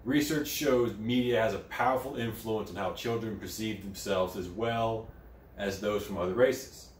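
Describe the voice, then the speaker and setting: A man hosting a crude comedy news show while high, rambling and swearing, with sudden loud outbursts. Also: normal speed, slight background noise. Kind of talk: crude satirical news commentary. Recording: echoey room, mic at a distance.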